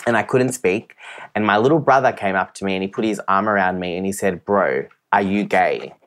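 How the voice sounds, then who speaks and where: A man's voice: fairly low pitch, steady tone, fast talker, a bit bright, smooth. A young man, a podcast guest, candidly telling a personal story and acting out the voices of others. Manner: open and emotional, acts out quoted voices.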